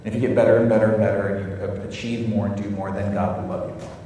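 A man's voice: fairly low pitch, little pitch movement, rapid-fire, dark tone, a little hiss or hum. A middle-aged American man preaching a sermon in earnest, often repeating words as he searches for phrasing. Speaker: pastor. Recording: echoey hall from far off.

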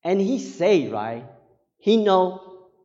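A male pastor preaching a sermon in a halting, earnest way, often tagging his phrases with a questioning "right?". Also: high voice, sing-song, darkish tone. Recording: dull sound with long hall reverb.

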